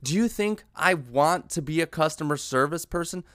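A man's voice: a little high, animated, moderate pace, fairly bright tone, no room sound, studio quality. A young man hosting a podcast, ranting in a comedic monologue, profane and sarcastic with an exasperated edge. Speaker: podcast host.

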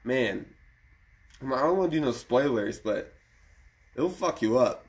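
A man's voice: mid-range voice, lively intonation, normal speed, long pauses. Laid-back swearing guy in casual chat. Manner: laid-back, swears often, laughs a lot.

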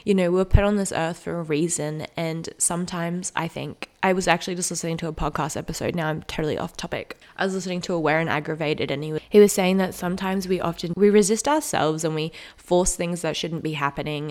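A woman in her twenties hosting a solo podcast, talking in an earnest, heartfelt and reassuring way. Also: deep voice. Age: 20s. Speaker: podcast host. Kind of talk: solo reflective podcast monologue.

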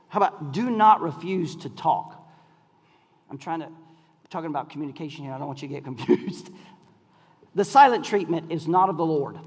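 A man preaching a sermon in a church, calling out to the congregation and swinging between shouts and near whispers. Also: high voice, slightly rough, big-room sound. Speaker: pastor. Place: church sanctuary.

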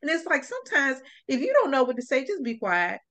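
A woman's voice: sits high, wildly swooping pitch, a little fast, a bit bright. A woman hosting a casual chat, emphatic and agreeable, moving through prepared questions. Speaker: host.

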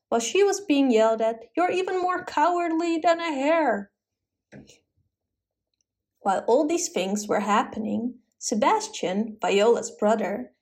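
A woman telling a classic story as a steady, clear storybook narration. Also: on the high side.

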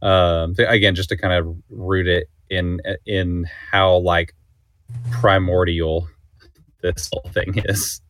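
A man with a fairly low voice rambles excitedly about films, swearing casually. The sound is dry and close, like a podcast mic. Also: slow pace, no room sound. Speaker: podcast co-host. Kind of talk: casual film discussion.

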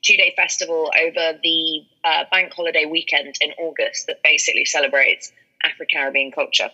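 A woman's voice: low voice, brisk. A woman with a British accent from London, a guest actress telling stories in a casual interview, laughing often. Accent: British English, London. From England. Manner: laughs often, animated storytelling. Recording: dull lo-fi sound.

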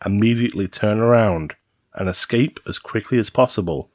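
A man's voice: fairly low pitch, normal speed, a little mellow, dry recording, clean studio sound. A man hosting a podcast, reading urban legends from a script in a teasing, storytelling manner. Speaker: podcast host. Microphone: studio mic.

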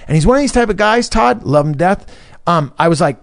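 Man, comedian, casual storytelling, slightly high voice, animated, from california. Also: fast, vocal fry. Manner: animated, acts out quoted friends, swears freely. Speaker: comedian guest on a podcast.

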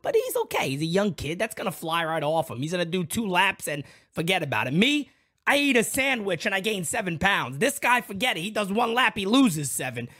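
A young man hosting a loud, excitable live reaction stream, shouting out names from the chat. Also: sits high.

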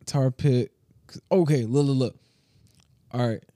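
A man co-hosting a podcast in casual chat, telling stories in an animated, slangy way with lots of fillers, speaking close to the mic. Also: mid-range voice, slow pace, no room sound. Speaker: podcast co-host.

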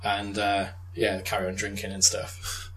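A young man chatting casually, retelling a film with lively swearing and laughter. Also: lowish voice, a little slow, rough recording. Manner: animated storytelling with swearing and laughs. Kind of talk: casual chat.

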